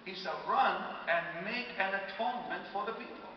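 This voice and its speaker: A man preaching a sermon with a dramatic delivery, drawing out words for emphasis and rising to loud declarations, recorded from a distance in a large auditorium. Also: sits high, normal speed, dull audio. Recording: distant echoey hall with noise.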